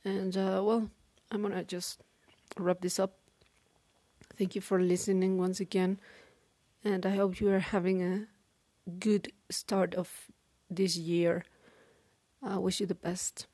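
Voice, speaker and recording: A woman talking through a halting, weary personal diary monologue, with many restarts. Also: mid-range voice, little pitch movement, warm tone, dry recording. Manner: weary, downcast. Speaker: podcaster.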